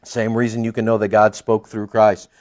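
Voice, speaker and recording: A man's voice: lowish voice, monotone, normal speed, a little mellow. Emphatic preacher, man, lo-fi sound. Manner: emphatic, rhetorical questions and mocking retorts. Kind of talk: expository Bible-teaching sermon.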